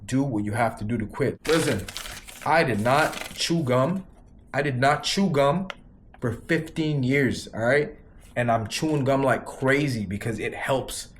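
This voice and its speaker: A man in his thirties delivers a forceful, motivational talk straight to the viewer. He hammers points home by repeating them and drops the odd casual swear word. A faint noise sits behind his voice. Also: medium pitch, unhurried. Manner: emphatic, repeats lines for punch, swears casually. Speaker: vlogger giving quit-weed advice.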